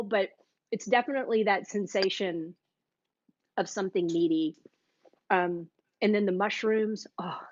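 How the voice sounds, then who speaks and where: A woman's voice: medium pitch, a little mellow, no room sound. Woman doing a live cooking show, gushy and chatty with viewers, dull dry stream sound. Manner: chatty and gushing, addresses viewers directly. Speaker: cooking class host. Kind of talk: live cooking demo chat.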